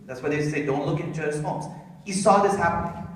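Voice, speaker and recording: A man's voice: on the high side, fairly quick. Man preaching in an echoey hall. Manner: lively, rising emphasis, asks the audience. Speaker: speaker at an Islamic center. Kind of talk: sermon storytelling. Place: large hall of an Islamic center. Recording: echoey hall, distant mic, faint noise.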